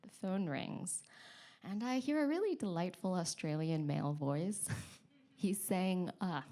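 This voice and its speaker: A woman's voice: on the low side, expressive, unhurried, mellow. A woman telling a personal story on stage at a story slam, chatty and self-deprecating, laughing often between lines. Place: stage at a live story event.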